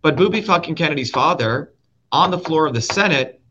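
A man's voice: a little high, lively intonation, fairly quick, pushed and bright, slight background noise. A man from India who grew up there, hosting and ranting about politics in a profane, emphatic way that repeats key words. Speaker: show host and guest speaker. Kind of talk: heated political rant. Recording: dull, slightly lo-fi audio.

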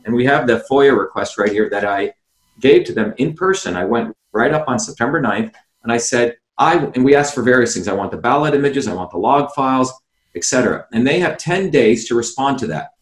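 A former candidate joins a video call as an interview guest, explaining insistently, posing rhetorical questions and calling the host by name. His medium-pitched voice is animated and a little fast, in an echoey room.

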